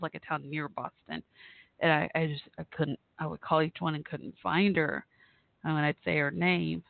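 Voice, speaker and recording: Man, show host, gushing and rambling, higher voice, thin phone-like sound, dry. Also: no room sound. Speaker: online radio show host. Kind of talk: casual chat with listeners.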